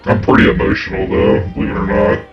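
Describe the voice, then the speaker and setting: A man's voice: on the low side, monotone, fast talker. A man streaming a video game, chatting casually with viewers and swearing freely. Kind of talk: casual gaming stream chat. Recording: dull lo-fi mic with faint game music.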